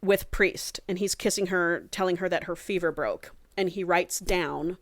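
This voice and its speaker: Podcast host, woman, lowish voice, chatty casual recap, dry close sound. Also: normal speed, no echo. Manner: chatty, swears casually, lots of "like". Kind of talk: casual book recap and reading.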